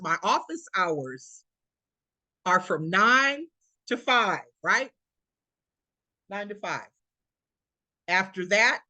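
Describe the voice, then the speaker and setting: A woman's voice: medium pitch, fairly bright tone, no echo. A woman around sixty giving a motivational talk over a video call as presenter, emphatic and preacherly, repeating her points.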